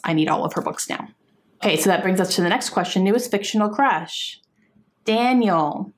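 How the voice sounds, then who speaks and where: A woman book vlogger chatting casually and gushing enthusiastically about books she loved, laughing often. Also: fairly low pitch. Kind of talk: casual chat.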